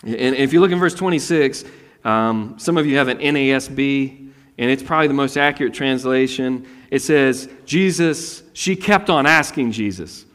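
Guy in his 30s preaching, chatty and animated, acts out voices, lots of hall reverb. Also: normal speed. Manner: animated, acts out voices with sudden high pitch. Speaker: pastor. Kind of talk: sermon.

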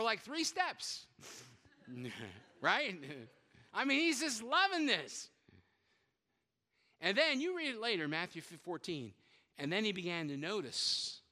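A high, very bright man preaches with a lively, swinging pitch, acting out voices and teasing the congregation. His voice rings with the long reverb of a large hall. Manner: lively storytelling, acting out quotes, joking with the congregation. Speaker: pastor. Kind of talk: sermon.

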